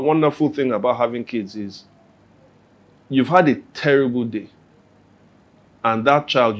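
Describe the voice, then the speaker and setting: A man fields questions at a church Q&A in a mid-range voice with a darkish tone. His style is conversational, and he brings everyday scenes to life with small quoted voices.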